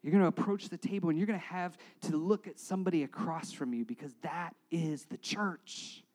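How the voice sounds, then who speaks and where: Animated pastor leading communion. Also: male voice, a little high, brisk, poor audio. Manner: animated, direct, shifting from loud urging to quiet prayer.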